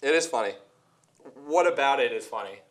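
A man's voice: medium pitch, lively intonation, a little fast. A man hosting a casual comedy show, asking his guest loose, probing questions. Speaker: show host.

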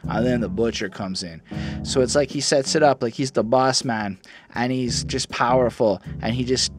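A man hosting a podcast, giving a casual, enthusiastic track-by-track album review and swearing freely. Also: mid-range voice. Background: rap beat playing.

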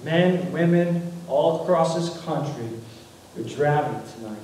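A man's voice: fairly high pitch, a little slow, a little mellow, very echoey, far from the mic, a little hiss or hum, poor audio. A man preaching a sermon as pastor, earnest, repeating and restarting his phrases as he builds his points. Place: church sanctuary.

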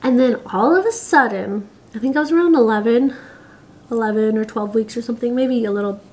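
Casting: young pregnant woman, slightly high voice, giggly casual vlog chatter with filler words. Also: fairly quick, darkish tone. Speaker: vlogger. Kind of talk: casual chat to camera.

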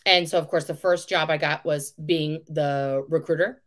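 A woman in her thirties telling a story as a guest in a casual chat, animated, acting out quotes and swearing freely. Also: low-pitched, normal speed. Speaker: podcast guest.

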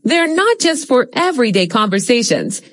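A woman's voice: on the high side, very animated, moderate pace, no room sound, studio quality. A woman teaching English in a scripted lesson narration, explaining steadily and reading out example phrases.

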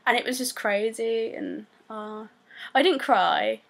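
A woman's voice: on the high side, slow pace, creaky. Rambling young British woman vlogger. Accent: British English. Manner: rambling, filler-heavy, excitable. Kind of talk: casual storytelling to camera.

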